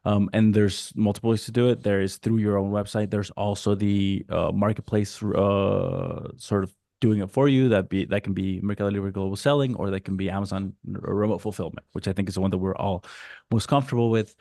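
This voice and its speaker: A man from Mexico giving a casual, animated webinar presentation over a video call, slipping into quick voices for customers. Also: fairly low pitch, vocal fry, no echo, clean studio sound. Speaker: guest speaker.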